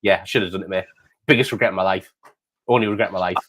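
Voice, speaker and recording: A man's voice: low-pitched, fairly even intonation, rapid-fire, fairly bright tone. A middle-aged man from the United Kingdom, hosting a casual chat and saying mate often. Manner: chatty, says mate often. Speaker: host.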